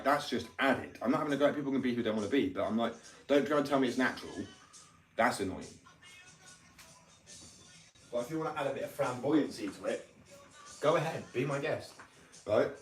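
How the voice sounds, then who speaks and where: A man's voice: medium pitch, fairly quick, pauses often. A man, rambling, opinionated and sweary in casual chat. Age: 20s. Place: workshop room. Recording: echoey room, far from the mic, music behind.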